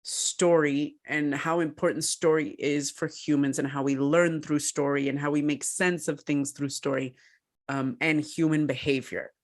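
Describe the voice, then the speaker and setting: A woman co-hosting a podcast who tells her story in a casual way, animated and laughing often. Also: low-pitched, normal speed. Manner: animated, laughs often, acts out quoted voices. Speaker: podcast co-host and researcher.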